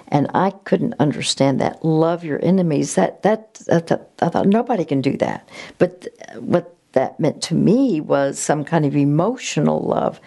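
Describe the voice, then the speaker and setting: A woman gently sharing a personal faith story and advice, speaking with halting restarts. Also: deep voice, vocal fry. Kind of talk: reflective faith testimony.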